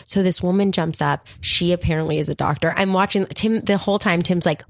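A woman guest on a comedy podcast, telling a story in a casual, animated way, acting out quotes and laughing often. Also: fairly low pitch, moderate pace, gravelly, no echo.

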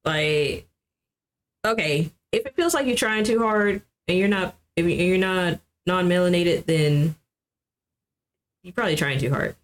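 Calm woman steering a podcast chat. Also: lowish voice, a little slow. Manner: calm, steers the talk to the next segment. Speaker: podcast co-host. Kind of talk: casual chat.

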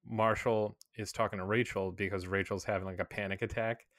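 Bright-voiced man recapping a show. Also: fairly low pitch, no room sound. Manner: fast, animated retelling with quoted lines and laughs. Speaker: podcast co-host recapping a show. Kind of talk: casual chat.

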